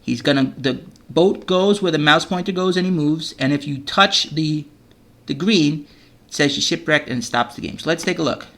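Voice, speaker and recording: Gravelly-voiced man teaching kids to code. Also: on the high side, moderate pace, fairly bright tone. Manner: patient step-by-step explaining, frequent "okay?" checks. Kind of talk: screen-recorded coding lesson for children.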